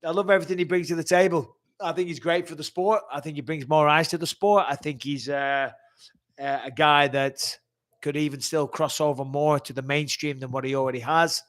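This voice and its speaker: In his forties and sounding like he's over a cold-like illness, this man hosts a live fan chat where he reads questions aloud and answers in a blunt, chatty manner, swearing freely. His fairly high voice stays steady, fairly quick and a bit bright.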